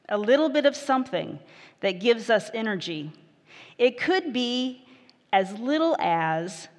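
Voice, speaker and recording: A woman pastor reading scripture and preaching a sermon, in a measured, gentle way. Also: mid-range voice, long reverb tail.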